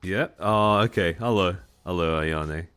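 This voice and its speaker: A man's voice: low voice, unhurried, a bit bright, smooth, soft background music. A man streaming live, chatting casually and wryly with his audience, with lots of fillers and laughter, recorded on a desk microphone at home. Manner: chatty, wry, laughs often, filler-heavy. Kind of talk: casual livestream chat.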